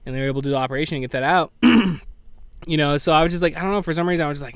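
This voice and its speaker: A man's voice: on the high side, quick pace, no room sound. A man hosting a podcast alone, rambling casually and subdued with grief, cursing often and saying "dude". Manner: rambling, profane, peppers talk with "dude" and "like"; subdued and grieving. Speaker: podcast host. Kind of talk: casual solo podcast monologue. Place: at home with farm animals nearby.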